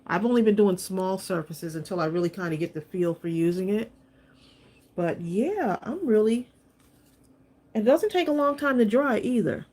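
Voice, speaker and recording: A woman's voice: mid-range voice, lively intonation, moderate pace, a little mellow. Chatty woman hosting a craft stream. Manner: chatty, laughs often, addresses viewers as y'all. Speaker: craft channel host. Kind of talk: live-stream crafting chat and demo.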